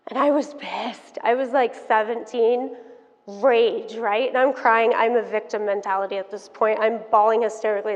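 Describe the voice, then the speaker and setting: A woman in her thirties delivers a motivational keynote, telling her story to the audience in an animated, frank and playful way. Her voice runs on the high side at normal speed. The sound is dull, with long hall reverb.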